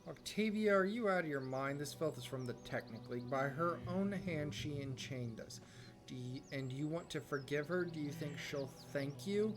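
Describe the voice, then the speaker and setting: A man's voice: on the high side, normal speed, over music, close to an everyday voice. A man reading the lines of a brash, bloodthirsty male warrior in a scornful, aggressive tone. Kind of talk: reading game dialogue aloud.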